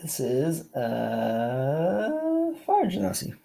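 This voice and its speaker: A man running a tabletop game as game master, narrating in a relaxed, hesitant way. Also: a little high, very slow, vocal fry.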